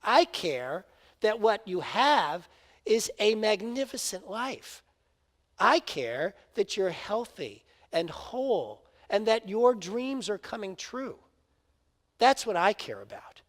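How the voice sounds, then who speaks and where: A man's voice: sits high, big pitch swings, slow pace. A man giving a sermon as a spiritual minister, telling a story and speaking emphatically, in a reverberant hall.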